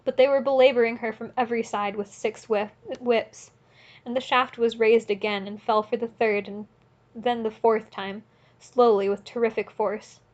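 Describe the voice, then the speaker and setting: A woman narrating an audiobook in a steady, earnest reading voice, now and then correcting a slip. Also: on the high side, moderate pace, lo-fi sound. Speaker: audiobook reader.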